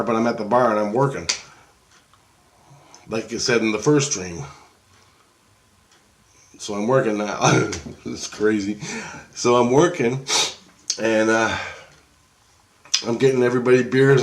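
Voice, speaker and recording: A middle-aged man recounts a dream. His talk wanders, swears freely and keeps doubling back on itself. The telling stays casual and unpolished. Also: medium pitch. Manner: loose, rambling and profane, with many restarts. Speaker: vlogger. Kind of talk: rambling dream retelling.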